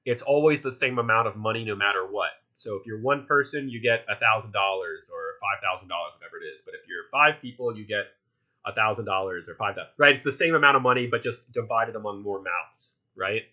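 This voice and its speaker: A man's voice: lowish voice, expressive, fairly quick, sharp tone. A man with a Philadelphia accent teaching a casual online workshop, chatty and loose, with lots of fillers and restarts. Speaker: workshop instructor.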